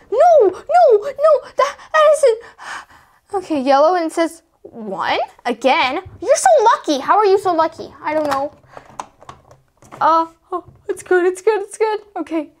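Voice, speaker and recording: A woman voicing little toddler girl dolls playing a board game, high and excitable, squealing when things go wrong. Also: a little hiss or hum, exaggerated voice. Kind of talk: doll play narration.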